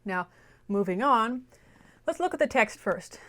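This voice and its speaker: High-voiced woman teaching music, slow. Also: lively intonation, a bit bright. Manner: explains then sings phrases. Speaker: music educator. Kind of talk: music lesson with sung examples.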